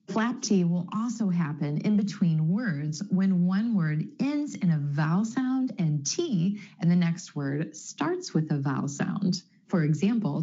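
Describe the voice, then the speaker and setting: A woman with an American accent teaching a scripted pronunciation lesson, clear and deliberate, slowing down to model each sound. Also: fairly low pitch, animated, warm tone. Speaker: accent coach. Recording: dull lo-fi video audio.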